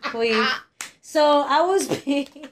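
A woman's voice: sits high, very slow, a little hiss or hum. Laughing, crude storytelling woman. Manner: laughs often, tells stories with crude humor. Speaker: podcast co-host. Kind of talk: casual chat.

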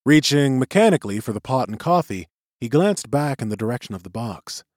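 A man narrating a chapter of a novel in an expressive storytelling voice. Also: mid-range voice, a little fast, no room sound, clean studio sound. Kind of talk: audiobook narration.

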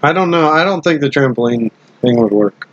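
A man's voice: mid-range voice, expressive, brisk, no echo, dull audio. Easygoing man chatting on a podcast. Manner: easygoing, laughs while retelling scenes. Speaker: podcast co-host. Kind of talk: casual episode recap chat.

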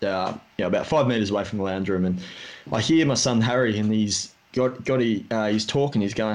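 A man's voice: medium pitch, brisk, a little mellow. A man hosting a casual podcast interview, chatty and rambling with plenty of fillers. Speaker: podcast host.

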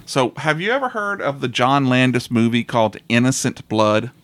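A man's voice: medium pitch, moderate pace, a bit bright, no room sound. Rambling man chatting about movies. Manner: rambling, restarts often, laughs a lot. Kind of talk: casual chat about movies.

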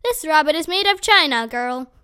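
A woman voicing a big bearded wandering man who speaks in a gentle, courtly, playful way in a storybook reading. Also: sits high, expressive, normal speed, pitched above the performer's own voice. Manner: courtly, playful, formal wording.

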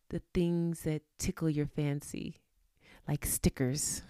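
A woman's voice: low voice, flat delivery, slow pace, mellow, clean tone, dry recording, studio quality. A woman talking at home, giving a motivational gratitude talk, repeating affirmations with chatty asides. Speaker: vlogger. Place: room at home.

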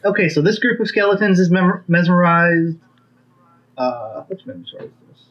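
A man's voice: high voice, animated, moderate pace, highs cut off. A man running a tabletop game as game master, making matter-of-fact rulings.

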